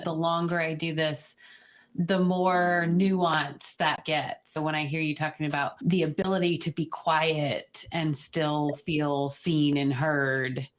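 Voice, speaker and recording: A woman podcast host musing thoughtfully and in a measured way. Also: deep voice. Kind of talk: reflective podcast conversation.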